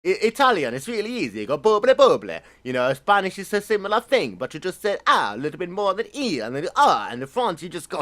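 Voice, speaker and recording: Lively opinionated man chatting motorsport. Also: high-pitched, quick pace. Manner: rambling, opinionated, swears freely. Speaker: motorsport show co-host. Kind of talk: casual chat.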